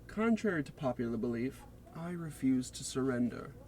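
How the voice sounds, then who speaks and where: A man's voice: mid-range voice, lively intonation, normal speed, mellow, slight background noise, close to an everyday voice. A man reading the lines of a cocky male fighter with electric powers, in his own plain voice and without an accent. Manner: plainly read, no accent attempted.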